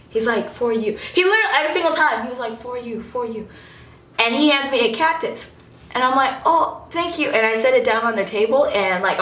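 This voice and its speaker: A young woman chatting excitedly to her viewers in a storytime vlog, animated and giggly with lots of fillers. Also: a little high, roomy sound. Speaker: vlogger.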